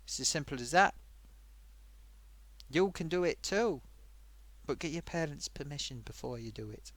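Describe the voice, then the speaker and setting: A man's voice: on the high side, expressive, moderate pace, fairly bright tone, dry recording. A man voicing a cheeky male sock puppet host, reading viewer comments in a chatty way full of oofs and sighs. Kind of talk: live-stream chat.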